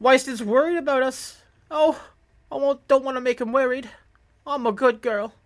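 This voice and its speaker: A man's voice: very high voice, steady tone, moderate pace, voice pushed up. A man voicing a small, polite little girl while reading game dialogue aloud. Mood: earnest.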